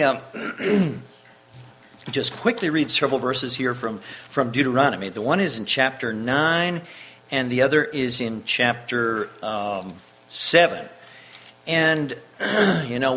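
A man preaching a Bible-teaching sermon, reading scripture aloud between stops to clear his throat and restart his sentences. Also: mid-range voice, pushed and bright.

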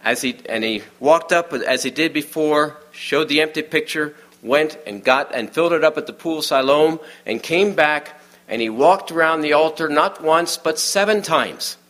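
A man giving a sermon in a conversational, storytelling way, often dropping to a hush for the quiet moments. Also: on the high side, moderate pace. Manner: many restarts and fillers, informal aside. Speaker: preacher.

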